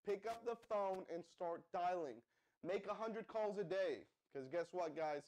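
Casting note: young male live-stream host, energetic hype pitch, slightly higher voice, keeps firing questions at the chat. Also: measured pace. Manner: pumped-up, addresses viewers as guys, asks the chat to respond. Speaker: livestream host.

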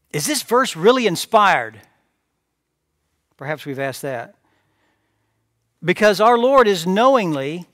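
A man's voice: on the high side, a bit bright, dry recording, studio quality. A man preaching a sermon as pastor, emphatic, repeating phrases and asking rhetorical questions. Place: church sanctuary.

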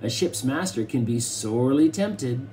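Casting: man doing a jovial, booming old-fashioned ship captain, hearty and loud, mellow tone. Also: animated, normal speed, slight background noise, natural voice. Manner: roaring, jovial.

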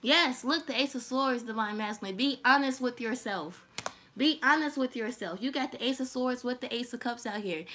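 Bright, high-voiced woman reading tarot. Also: moderate pace. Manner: animated, laughing, profane and teasing. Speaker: tarot reader.

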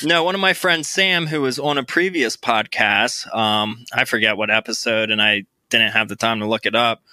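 A man's voice: medium pitch, normal speed, pushed and bright, dry recording. A man hosting a casual podcast chat, playful and laughing often, recorded remotely. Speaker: podcast host. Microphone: remote recording mic.

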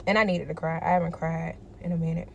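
A woman's voice: sits low, level tone, quick pace, gravelly, a little mellow. A tired woman in a personal vlog, talking emphatically and repeating herself to encourage herself. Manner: emphatic, repetitive, self-encouraging. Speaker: vlogger.

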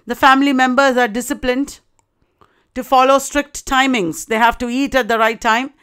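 In a recorded literature lecture, a woman talks through a play in a steady, explanatory way, addressing students with rhetorical checks. Her high voice is smooth, clear and resonant, and she speaks at normal speed.

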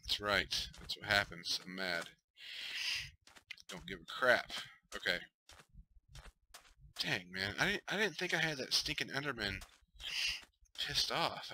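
Male gamer, lowish voice, casual mutter-to-self commentary, noisy home recording. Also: pushed and bright. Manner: talks to himself, mutters, flares up in frustration. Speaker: gamer streaming a survival game.

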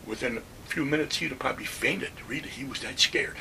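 An older veteran from Western New York recalls his army days in a lively oral history, acting out each voice. His voice is gravelly and bright. The mic sits a little way off, and a faint hum runs underneath. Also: medium pitch, fast talker, few pauses, far from the mic. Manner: animated storyteller, acts out quotes, chuckles. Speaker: WWII veteran.

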